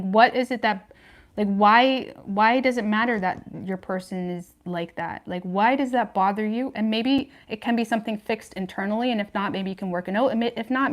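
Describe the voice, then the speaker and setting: Here a tarot reader with a medium-pitched voice chats her way through a relaxed livestream reading. She speaks frankly, uses "like" and "you know what I mean" a lot, and laughs in between points.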